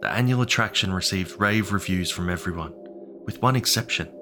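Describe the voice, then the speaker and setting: A man narrating a horror story in a measured, ominous scripted style. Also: sits low, background noise. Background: music.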